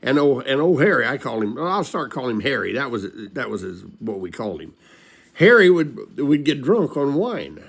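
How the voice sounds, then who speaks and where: A man's voice: mid-range voice, big pitch swings, normal speed, gravelly, slightly rough. An older man telling a rambling, folksy story from his childhood into a home recording, chuckling along as he goes.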